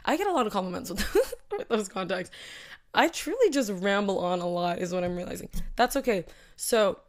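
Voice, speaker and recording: A young woman talks straight to her viewers in a loose, rambling storytelling chat. She piles on filler words and side comments as she goes, at an ordinary mid pitch. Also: fairly quick. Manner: rambling, animated, lots of "like" and asides. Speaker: host.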